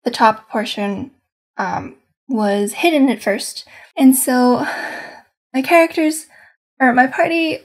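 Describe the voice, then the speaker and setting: A woman's voice: high-pitched, takes it slowly, long pauses. A woman game master casually recounting her tabletop session, meandering and hedging as she searches for words.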